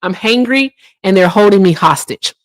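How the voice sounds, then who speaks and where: A woman hosting a political call-in livestream, chatting casually and reading viewers' comments aloud, with teasing jumps up into a high voice. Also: animated, normal speed. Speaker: livestream host.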